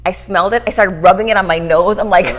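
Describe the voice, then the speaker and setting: Middle-aged woman guest, lively and quick, tells stories with acted-out lines; mid-range voice. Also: medium pitch. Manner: animated, fast storytelling with acted-out quotes. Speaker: guest, author and speaker. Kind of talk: storytelling interview chat.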